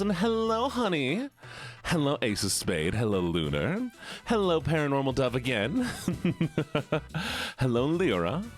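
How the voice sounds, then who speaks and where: A male streamer with a lively, bouncing voice that swoops up and down as he greets his viewers one at a time. His manner is playful and teasing, with drawn-out hellos in a relaxed chat. Soft music plays faintly underneath. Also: mid-range voice. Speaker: livestreamer.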